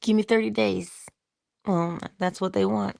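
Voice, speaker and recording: A woman hosting a casual motivational livestream, playful and chatty, slipping into whispery asides and animated quoted voices. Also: measured pace, no echo. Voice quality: low gravelly husky voice. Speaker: livestream host.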